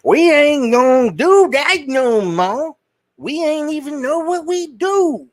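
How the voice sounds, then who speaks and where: A man doing a shrill parody voice, folksy drawl laid on thick, sneering. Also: sing-song, takes it slowly, exaggerated voice. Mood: mocking. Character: mocking high-pitched impression of a woman politician.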